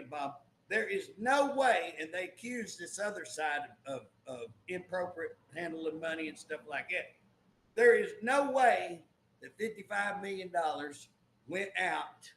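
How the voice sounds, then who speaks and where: A high, gravelly man holds forth on a political talk show, emphatic and restless, circling back on his points. His voice rings in an echoey room. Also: fairly bright tone. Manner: emphatic, repeats "guess what", restarts. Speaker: co-host, former state legislator.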